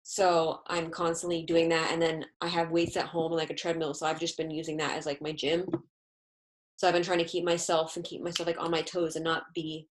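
Woman, casual podcast chat, animated, gushing, lower voice, rapid talk. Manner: animated, gushing, quick bursts of enthusiasm. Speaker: guest.

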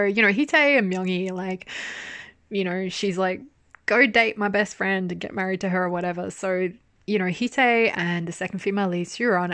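A woman's voice: mid-range voice, dry recording. A young woman chatting casually through a review, laughing often and swearing freely as she talks. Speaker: drama reviewer.

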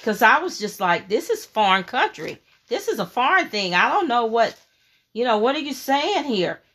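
A woman preaching a sermon, fervent and emphatic, repeating key phrases and reading scripture in a slow, measured cadence. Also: on the high side, sing-song, a bit bright.

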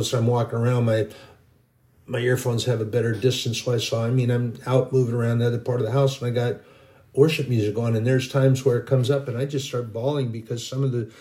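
A man's voice: mid-range voice, mellow. Earnest middle-aged man preaching. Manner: earnest, rambling, with frequent restarts. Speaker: Christian video preacher. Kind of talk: informal sermon.

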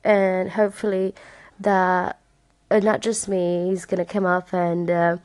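A woman's voice: fairly low pitch, level tone, a little slow, darkish tone, dry recording. A woman from Romania hosting a casual podcast, chatting and thanking listeners who called in, often laughing. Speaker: podcast host.

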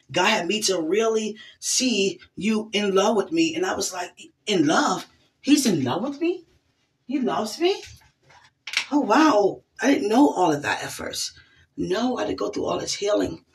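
A woman's voice: mid-range voice, moderate pace, echoey room, a little hiss or hum. A woman talking casually and fondly to someone she loves, breaking into prayer and laughing often. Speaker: vlogger. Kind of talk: casual heartfelt talk to camera.

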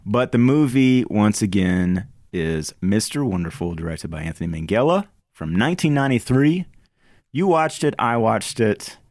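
Male podcast host, low voice, loose and jokey, dry recording. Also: big pitch swings, moderate pace, a little mellow, no room sound. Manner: chatty, joking, filler-heavy. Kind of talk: casual chat about movies.

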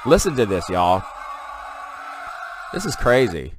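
A man hosting a casual preaching vlog, excitable and folksy as he talks through what is on his screen. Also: fairly low pitch, slow pace, background noise. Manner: excitable, folksy, drawls "y'all". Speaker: online video host.

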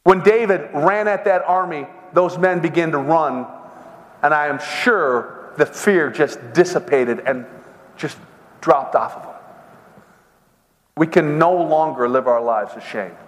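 A middle-aged man telling a story and preaching to a men's seminar, with animated, dramatic storytelling. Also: fairly high pitch, measured pace. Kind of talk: sermon with storytelling. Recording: long hall reverb.

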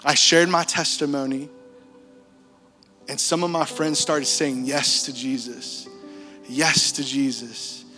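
Young male pastor, bright forceful voice, casual slangy storytelling, live church hall reverb. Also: fairly high pitch, a little slow, pauses often, faint music behind. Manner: animated storytelling, casual slang, laughs often. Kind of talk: sermon testimony.

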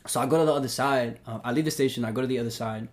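Young New man, podcast host; animated, profane storyteller who acts out the quotes. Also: medium pitch, very fast. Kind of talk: casual storytelling.

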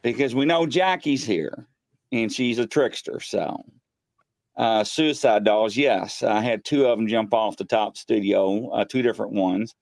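A man hosting a live paranormal show from his home studio, telling ghost stories excitedly and acting out what people said. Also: on the low side, unhurried, gravelly, no echo. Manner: excitable storyteller, acts out quotes. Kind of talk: casual live-stream chat. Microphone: desk mic.

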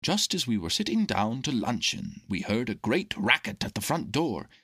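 A man narrating a storybook with a husky, steady, expressive reading. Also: mid-range voice, normal speed.

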